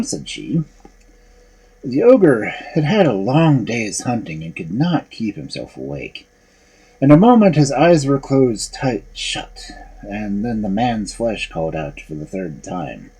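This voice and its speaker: Slow, lively male storyteller. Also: medium pitch, husky, poor audio. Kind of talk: fairy tale read aloud.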